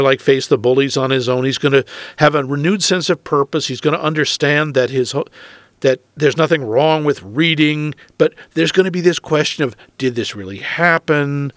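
A man with a slightly high voice co-hosts a podcast and talks casually about a movie. He is wry and animated, with frequent laughter. The recording is dry and close-miked. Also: a little fast, no room sound. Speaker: podcast co-host. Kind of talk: casual movie review chat.

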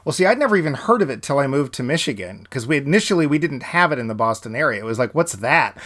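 A man from New England in a casual film chat, animated and often restarting as he searches for names. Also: medium pitch, rapid-fire.

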